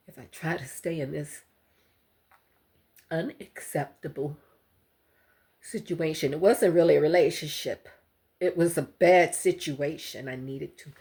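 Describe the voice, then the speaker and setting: An older woman vlogger giving a halting, heartfelt personal account to her viewers. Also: fairly low pitch, a little mellow, husky. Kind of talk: emotional personal testimony to camera.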